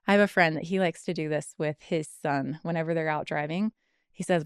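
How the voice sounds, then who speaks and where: Smooth low-voiced woman coaching eagerly. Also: steady tone, fairly quick, no room sound, clean studio sound. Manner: enthusiastic, encouraging, slightly out of breath. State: out of breath. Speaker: career coach and podcast host. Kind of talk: solo podcast advice monologue.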